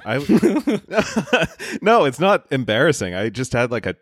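Rambling man, lively voice. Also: a little high, slow pace, no room sound, clean studio sound. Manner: rambling, many fillers, laughs at himself. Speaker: podcast co-host. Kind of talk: casual chat.

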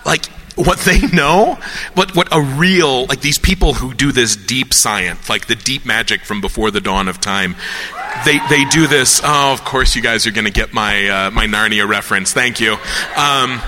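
A man talks through ideas in a loose, rambling way, slipping into little voices for the people he quotes. His tone is very bright and forward, and the sound carries a long hall reverb. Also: mid-range voice, moderate pace. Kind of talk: casual philosophical chat.

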